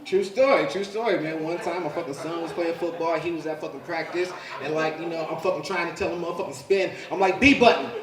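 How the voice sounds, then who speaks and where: A man's voice: on the high side, fast, hardly any pauses, a crowd in the background. A man in his forties performing a live stand-up comedy set, profane and punchy. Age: 40s. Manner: profane, loud punchy delivery with frequent "you know what I'm saying". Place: comedy club stage with audience laughing. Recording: roomy live club sound from a distance.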